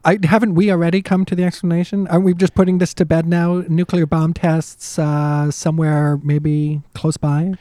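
A man co-hosting a casual history podcast, talking in an animated, emphatic way with frequent restarts. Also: fairly high pitch, moderate pace, few pauses, no echo. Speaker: podcast co-host and history lecturer.

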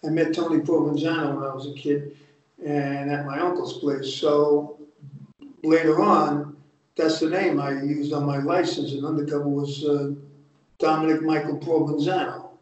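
A fairly high-pitched, slightly mellow voice stays level and moves at normal speed as this older retired undercover agent talks. He's from North Jersey, has the accent, and tells stories in a blunt, profane, streetwise way during a casual interview. His remote audio is muffled, echoey and distant.

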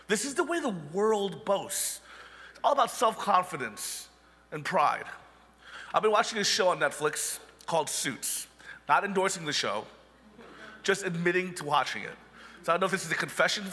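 Casting: high-pitched male pastor, conversational sermon, reverberant church hall. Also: bright, forceful tone. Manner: conversational preaching with wry asides.

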